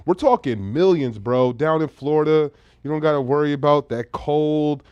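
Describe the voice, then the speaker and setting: Lively laughing man, dry close sound. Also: on the high side, moderate pace, clean tone, no echo, highs cut off. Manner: animated, laughs a lot, teasing. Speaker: podcast co-host, former NFL player. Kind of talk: casual sports chat.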